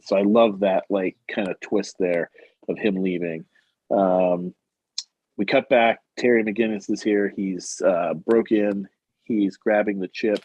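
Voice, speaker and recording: Low-voiced man retelling a comic story. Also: unhurried, husky, no room sound. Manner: animated retelling, acting out characters' lines. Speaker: podcast co-host. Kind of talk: casual chat recapping a comic. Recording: dull, muffled audio.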